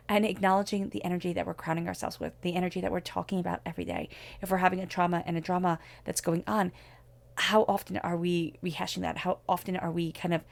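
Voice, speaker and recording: A woman's voice: on the low side, gravelly. A woman giving a spoken tarot reading, talking in an earnest, reflective way as she offers spiritual guidance. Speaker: tarot reader.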